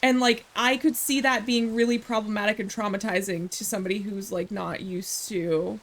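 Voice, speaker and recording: A woman's voice: mid-range voice, fairly even intonation, moderate pace. A woman streaming a game, chatting casually in a rambling way, with sarcastic asides. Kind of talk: casual gameplay chat.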